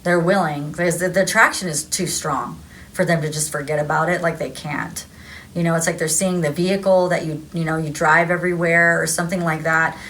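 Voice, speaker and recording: A woman's voice: deep voice, steady tone, fairly quick, fairly bright tone, a little hiss or hum. A woman giving a casual tarot energy reading, rambling, repeating herself and laughing often. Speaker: tarot reader.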